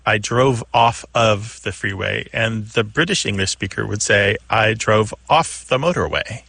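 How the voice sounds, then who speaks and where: A male radio co-host talks through a listener's question in a thoughtful, unhurried way. His voice has a gravelly edge, and the studio sound is dry and close. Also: on the low side, pushed and bright, no echo. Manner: thoughtful, explanatory, laughs often. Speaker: radio show co-host, language expert. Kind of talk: casual explanatory radio talk.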